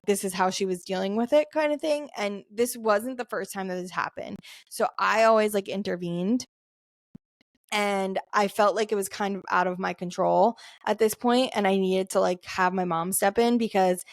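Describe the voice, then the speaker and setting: A woman's voice: mid-range voice, no echo. Young woman podcast co-host, chatty storyteller, dry close sound. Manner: chatty, lots of "like" fillers, laughs often. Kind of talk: casual storytelling chat.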